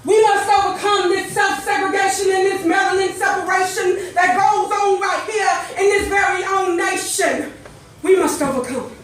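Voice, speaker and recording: A woman's voice: very high-pitched, a bit bright, slight background noise. A woman performing spoken word poetry with a passionate, rhythmic, preaching delivery. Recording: echoey room from far off.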